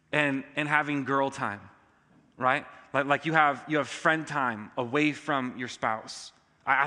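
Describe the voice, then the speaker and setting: A male pastor preaching a sermon in a church auditorium, emphatic, with sudden rises in pitch and loudness. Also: big-room sound.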